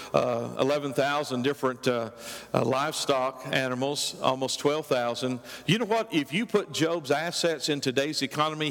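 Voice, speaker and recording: A man's voice: mid-range voice, fairly bright tone. Man preaching in a long-reverb hall. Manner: conversational preaching with rhetorical questions and dry asides. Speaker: pastor. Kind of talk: sermon.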